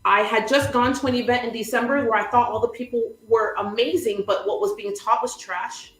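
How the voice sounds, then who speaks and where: A woman's voice: fairly high pitch, steady tone, a little fast, reverberant, rough recording. A woman coach hosting a livestream, telling a story vividly and laughing often. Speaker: business coach, show host.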